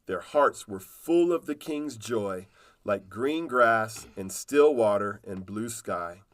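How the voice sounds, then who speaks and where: Man, reading a children's book aloud, slow pace, calm storytelling. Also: fairly low pitch.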